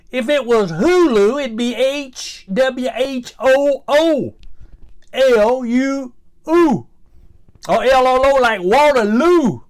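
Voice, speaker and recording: A man playing a cranky older grandpa with a Southern Louisiana accent, ranting in a folksy, grumbling, exasperated comic monologue. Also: fairly high pitch. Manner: folksy, grumbling, exasperated, rising to indignant outbursts. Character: cranky old Southern grandpa fed up with gadgets.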